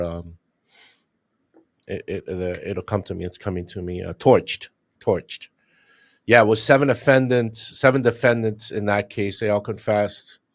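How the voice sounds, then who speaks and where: Low-voiced retired detective telling stories. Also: male voice. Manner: animated storyteller, acts out what others said. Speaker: retired homicide detective, guest. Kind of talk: casual interview talk.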